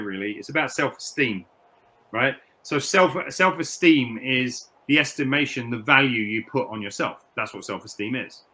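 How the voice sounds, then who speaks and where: A man's voice: medium pitch, bright, forceful tone. A middle-aged man from the United Kingdom, a personal trainer, talking reflectively in a candid interview, often repeating words and restarting sentences.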